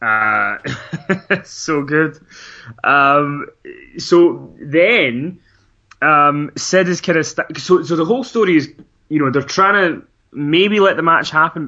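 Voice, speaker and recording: A man's voice: on the high side, takes it slowly, bright, forceful tone. A man co-hosting a podcast, chatting casually and rambling with frequent laughs and restarts. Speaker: podcast co-host. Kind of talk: casual chat recapping wrestling. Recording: dull lo-fi sound.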